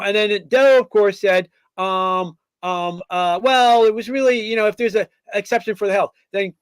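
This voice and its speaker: Rambling high-voiced man ranting. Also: a bit bright, clean tone, no room sound. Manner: rambling, many fillers and restarts; acts out quoted figures in mock voices. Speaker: podcast host. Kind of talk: opinionated political monologue.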